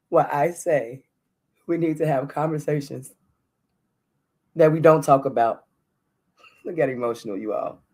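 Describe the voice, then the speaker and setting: A woman hosting a heartfelt solo podcast, talking earnestly and openly straight to her listeners in a casual, friendly way. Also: very deep voice. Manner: casual, warm address with "y'all". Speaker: podcast host.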